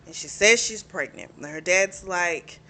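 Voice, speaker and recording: This woman's fairly low voice sounds pushed and bright as she recounts a novel's plot for a review. She's casual and laughs a lot, sprinkling in "you know" and "like," and briefly voices the characters in quick asides.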